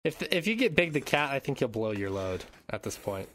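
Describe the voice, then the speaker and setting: A man's voice: medium pitch, big pitch swings, a little fast, fairly bright tone, slight background noise. A man co-hosting a podcast in laid-back casual chat who swears freely. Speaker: podcast co-host.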